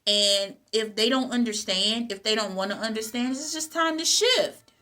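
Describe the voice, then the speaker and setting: A woman's voice: a little high, normal speed, sharp tone. A woman hosting a motivational talk, speaking, repeating her key phrases and checking in with "okay?". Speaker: host.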